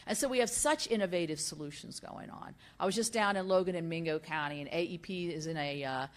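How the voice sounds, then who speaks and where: Low-voiced older woman senator giving a speech. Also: fairly quick. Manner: folksy storytelling with frequent fillers and restarts. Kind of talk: speech at a business summit.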